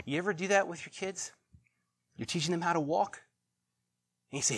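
Middle-aged man, pastor, sermon, animated, loud then hushed. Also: fairly high pitch, moderate pace, slightly rough.

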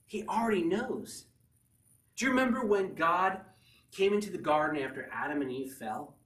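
Male pastor, slightly high voice, earnest sermon delivery, echoey room from afar. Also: expressive, moderate pace, recorded from a distance. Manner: earnest preaching, rising to near-shouts with spontaneous laughs.

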